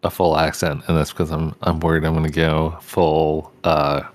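A man's voice: extremely low pitch, little pitch movement, moderate pace, dry recording. A laid-back man chatting as a player in a tabletop game. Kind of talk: casual chat at a tabletop game.

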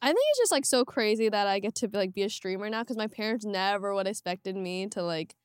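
A young woman guest on a podcast in casual chat, chatty and quick to react. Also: medium pitch, clear, resonant tone, no room sound, studio quality. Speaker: streamer guest.

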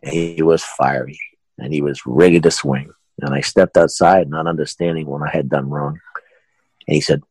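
A man who manages a haunted house, telling a funny customer anecdote with animated delivery and frequent laughs. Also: extremely low pitch, fairly quick, husky, dry recording, low-quality recording. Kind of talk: storytelling anecdote.

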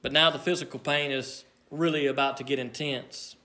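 A man preaching a sermon, earnest and measured, swinging between loud emphasis and near hush. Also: medium pitch, fairly even intonation.

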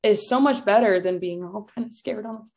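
A woman's voice: medium pitch, fairly quick, darkish tone. Upbeat encouraging woman podcast co-host. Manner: upbeat, encouraging, exclaims often. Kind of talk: casual podcast chat.

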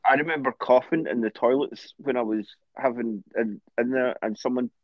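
A man's voice: medium pitch, moderate pace, no echo. A man with a Greenock Scottish accent co-hosting a casual podcast chat, blunt and full of anecdotes. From Scotland. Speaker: co-host. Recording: dull lo-fi dry recording.

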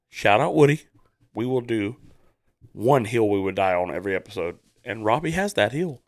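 A man's voice: fairly low pitch, lively intonation, moderate pace. A married man hosting a podcast, joking loosely and moving the group from topic to topic. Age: adult, married. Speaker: podcast host. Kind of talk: casual chat.

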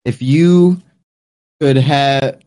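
A man's voice: mid-range voice, extremely slow, warm tone. A man with a wife and kids, co-hosting a podcast in casual, joking chat and swearing casually. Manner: laid-back, jokey, swears casually.

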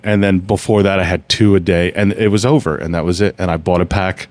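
A man with a very deep voice tells stories on a casual chat podcast. He rambles and often restarts his sentences. The sound is dry and close to the mic. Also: fairly quick, dry recording. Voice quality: low, relaxed storytelling with frequent restarts. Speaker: podcast host.

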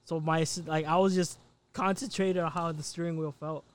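Male co-host, higher pitch, relaxed and profane storyteller. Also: normal speed. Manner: laid-back, profane, chuckling. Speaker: podcast co-host. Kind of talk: casual storytelling chat.

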